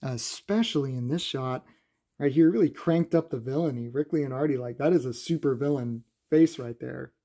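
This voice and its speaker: A man recapping a comic book in a casual, chatty review, laughing often and filling pauses with "uh". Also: medium pitch, mellow.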